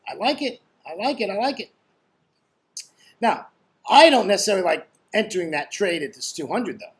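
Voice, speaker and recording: Chatty high-voiced man. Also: expressive, normal speed. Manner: chatty, constantly asks "right?"; blunt and joking. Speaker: forex trading educator. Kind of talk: casual screen-share trading commentary.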